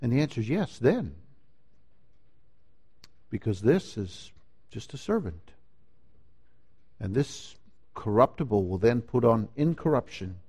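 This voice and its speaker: A pastor with a breathy-edged, mid-range voice preaches a sermon slowly and emphatically, rising to loud declarations and then dropping to hushed lines.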